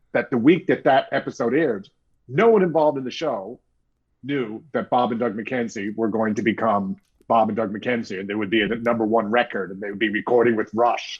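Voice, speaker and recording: A middle-aged man from Canada, a guest author being interviewed, telling stories with animated quoted voices. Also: fairly low pitch, normal speed, slightly rough, muffled recording. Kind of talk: storytelling interview talk.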